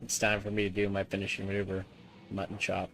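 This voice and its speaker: A woman's voice: rumbling low, completely flat delivery, fast, a little hiss or hum. A woman streaming a game, chatting casually, swearing and teasing with jokes. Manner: profane, teasing, jokey. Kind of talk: casual gaming stream chat.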